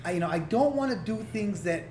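A man's voice: high-pitched, lively intonation, brisk, darkish tone. Earnest, frank man in a roomy space. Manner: earnest, open, swears freely. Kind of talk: candid casual conversation. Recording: roomy echo, faint hiss.

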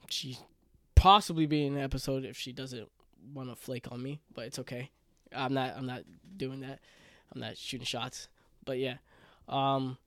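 A man's voice: mid-range voice, no room sound, studio quality. A man in his twenties hosting a solo podcast, talking earnestly and emotionally, rambling with many restarts. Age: 20s. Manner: earnest and emotional, choking up at times. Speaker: podcast host.

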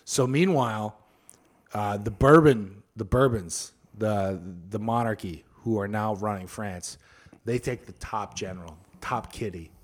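A man hosting a podcast, retelling history in crude, slangy, animated casual chat. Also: fairly low pitch, measured pace. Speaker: podcast host.

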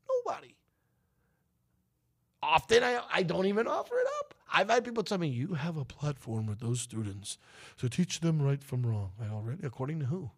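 A man hosting a talk show, delivering an emphatic, preachy opinion monologue that rises to outbursts. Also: on the high side. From United States.

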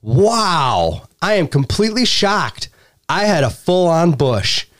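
A man hosting a casual chat, reading reviews aloud with a lively, swooping voice. He keeps cracking himself up as he goes, and the humor is crude and playful. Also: a little high, takes it slowly. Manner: laughs often while reading, crude humor. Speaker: podcast host.

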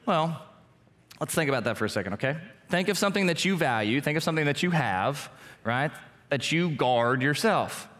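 A young adult male pastor giving a casual, joking sermon in a church hall. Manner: casual, joking preacher, lively swings in pitch. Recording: echoey church hall with music.

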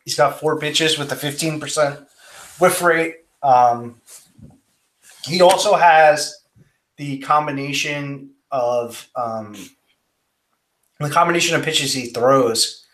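A man's voice: a little high, fairly bright tone. A man co-hosting a podcast in casual chat, with many ums and restarts. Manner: halting, lots of restarts and ums. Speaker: podcast co-host.

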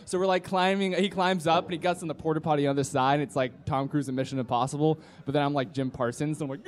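Speaking fast with hardly any pauses, this slightly high-voiced man in his twenties rambles through a drunken tale onstage at a live comedy podcast. He acts out his friends' voices as he goes, while the audience laughs in the background.

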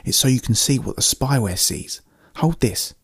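A man reading a storybook, voicing a calm, practical woman inventor giving instructions. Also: mid-range voice, moderate pace, breathy edge, no echo, clean studio sound, pitched above the performer's own voice.

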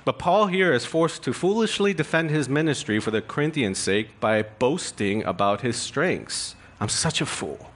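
A man's voice: medium pitch, lively intonation, moderate pace, hardly any pauses. A man preaching a sermon, reading scripture aloud with emphatic, rising stress. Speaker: pastor.

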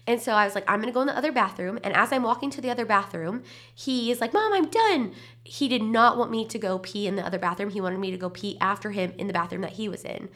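A woman's voice: mid-range voice, fairly even intonation, fast, fairly bright tone. A young adult woman hosting a parenting podcast, talking candidly and encouragingly in a casual solo chat, heavily pregnant. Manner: candid, encouraging, chatty with lots of "like".

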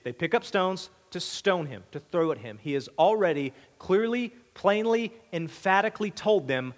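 A man's voice: lively intonation, moderate pace, in a large hall. A man preaching a verse-by-verse sermon in a conversational way, asking rhetorical questions and repeating himself as he explains the text. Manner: voices the crowd's demand in a higher, louder tone. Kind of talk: expository sermon.

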